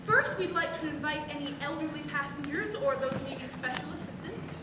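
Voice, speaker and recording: A woman's voice: high voice, animated, a little fast. A woman playing an airline gate agent in a stage comedy sketch, reading out boarding calls in a mock-official manner. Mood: deadpan official. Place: theatre stage. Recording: echoey live stage, far off, noisy.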